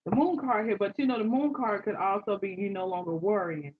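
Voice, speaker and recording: A woman giving a live tarot reading, animated, exclaiming and repeating phrases to her listeners. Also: mid-range voice, brisk, husky. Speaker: tarot reader. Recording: dull lo-fi sound.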